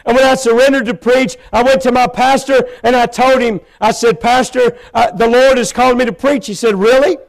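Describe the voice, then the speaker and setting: A man preaching a sermon in a church, telling his own story with feeling and rising to loud pleading. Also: very high voice, level tone, fairly quick, vocal fry, hardly any pauses. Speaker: pastor. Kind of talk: sermon testimony. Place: church sanctuary.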